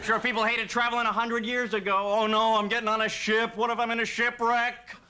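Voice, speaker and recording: A stand-up comedian, a man, telling jokes on a TV stage in a dry, deadpan way that breaks into shrill yelps when he acts out scenes. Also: fairly quick. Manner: deadpan delivery with sudden shrill outbursts when acting out scenes. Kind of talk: stand-up routine. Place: TV studio stage before a live audience. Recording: noisy TV studio audio.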